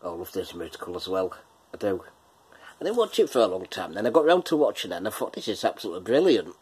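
Man, husky, casual quiz host, chatty, laughs a lot, hums and sings snatches. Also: low voice, very animated, quick pace, darkish tone. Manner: chatty, laughs often, breaks into snatches of song. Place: home kitchen.

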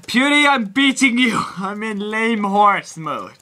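A woman's voice: mid-range voice, expressive, slow pace, pushed and bright. A woman giving casual gameplay commentary, giggling often, exclaiming and repeating words.

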